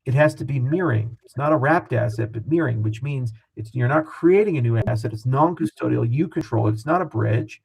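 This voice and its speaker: A man with a gravelly, rough-edged voice and a breathy, husky tone. He talks as a guest in a casual interview, animated and excitable, dropping profanity freely. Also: medium pitch, a little fast, hardly any pauses, poor audio.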